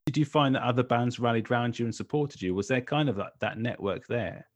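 A man's voice: medium pitch, brisk. Man asking probing interview questions. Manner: conversational, probing follow-up questions. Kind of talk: casual interview.

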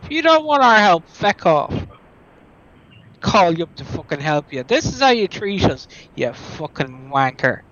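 Man playing raging supervisor, fake Irish accent, yelled insults, bright tense tone. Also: high-pitched, very animated, unhurried, muffled recording, full character voice. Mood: furious. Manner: swearing, yelling insults. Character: foul-mouthed angry male call-center supervisor.

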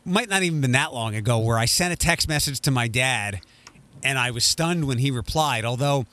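A man's voice: medium pitch, animated, fairly quick, bright, forceful tone. A man co-hosting a podcast, chatting casually with frequent restarts and a rambling manner. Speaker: podcast co-host. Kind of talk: casual chat.

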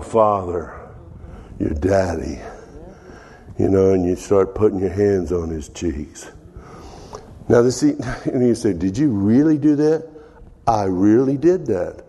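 A man's voice: fairly low pitch, warm tone, in a large hall. An older man preaching as a pastor, laughing often and dropping to a whisper in prayer. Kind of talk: sermon.

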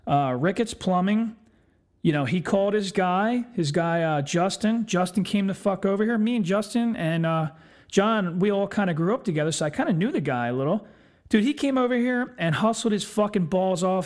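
A young man hosts a podcast solo, his voice sitting high and a little mellow. He chats casually, rambling along in a profane, self-deprecating way.

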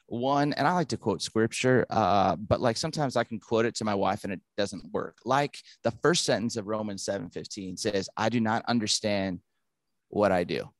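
A man, a pastor and author, telling a story in an interview and acting out the quoted lines with animated delivery. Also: lowish voice, no echo.

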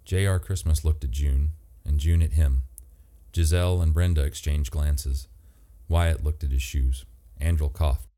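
A man reading a novel aloud as narrator, in an even, measured way. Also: extremely low pitch. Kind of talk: scripted audiobook narration.

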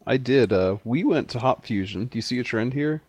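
A man's voice: mid-range voice, lively intonation, brisk, a little mellow, breathy edge, dry recording. A man in casual chat, starting his own story with dry joking asides.

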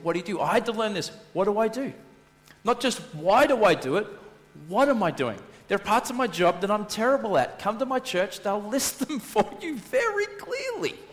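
A man preaching a sermon as a pastor, telling stories in an animated way and acting out his own lines. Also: sits high, long reverb tail.

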